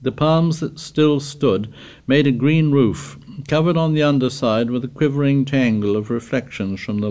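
Man giving measured audiobook narration. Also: mid-range voice, darkish tone. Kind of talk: scripted narration.

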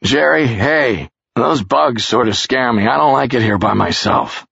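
A man's voice: low-pitched, expressive, moderate pace, vocal fry, a bit bright, husky, no room sound, heavily acted. A man voicing a jittery, scared young drifter with a whining, pleading manner, in a dull lo-fi recording. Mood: anxious.

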